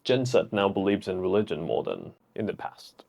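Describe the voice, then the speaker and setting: A man's voice: deep voice, big pitch swings, normal speed, gravelly, darkish tone. A young man co-hosting a podcast, chatting casually and dropping dry jokes. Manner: dry, joking interjections. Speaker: podcast co-host. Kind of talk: casual conversation.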